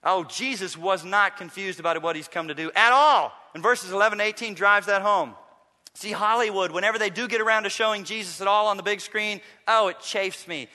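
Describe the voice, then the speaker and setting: A man preaching a sermon as pastor, swinging from quiet pleading to loud emphatic bursts. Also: high voice, a little fast, long reverb tail. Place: church sanctuary.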